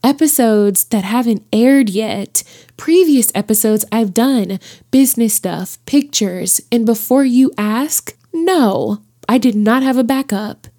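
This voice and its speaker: A woman podcast host telling a personal story in a lively, chatty way, talking straight to her listeners. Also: a little high, slow.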